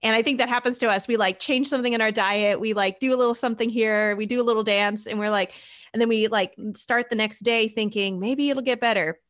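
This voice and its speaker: Woman, podcast host, storytelling, lively quoted voices, higher pitch. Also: fairly quick. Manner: animated storyteller, acts out quoted characters. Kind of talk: conversational storytelling.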